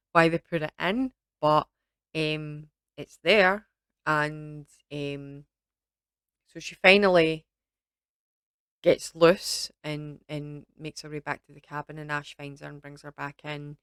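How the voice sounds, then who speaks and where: A woman's voice: low voice, a bit bright, smooth, dry recording. A Scottish woman giving a casual, rambling film review, full of ums and asides. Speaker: vlogger reviewing films.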